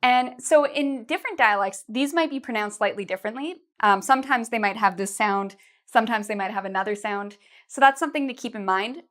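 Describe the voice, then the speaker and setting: A woman with a fairly high, slightly bright voice teaches an English pronunciation lesson to camera. She is patient and slow, modelling vowel sounds and words with exaggerated mouth shapes for learners to repeat.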